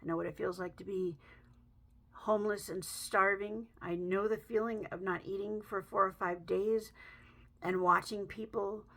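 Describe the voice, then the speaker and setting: A woman talking in a heartfelt personal vlog, emotional and halting, choked up, with soft pauses. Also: medium pitch, steady tone. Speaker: vlogger.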